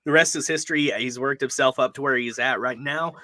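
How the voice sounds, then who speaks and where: A man's voice: mid-range voice, brisk, bright, forceful tone, no room sound. A man co-hosting a casual racing podcast, talking in a laid-back way with many fillers. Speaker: podcast co-host. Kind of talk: casual chat.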